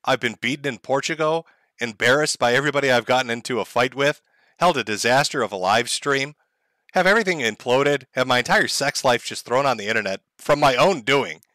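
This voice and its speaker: A man's voice: medium pitch, fairly quick, sharp tone, no echo, close to an everyday voice. A man doing a mocking first-person impression of a disgraced male streamer, whining about his ruined life in a dry, close sound. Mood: mock self-pity. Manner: mocking, whiny confession. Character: self-pitying disgraced male streamer, pathetic.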